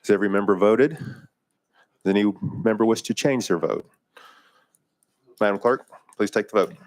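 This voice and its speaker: A man with a fairly low voice chairs a legislative hearing, calling bills and votes in a plain, procedural manner. He fills pauses with "uh" and "um." The sound is dry and close on a desk microphone. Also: dry recording. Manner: procedural, plain-spoken with frequent fillers. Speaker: committee chairman.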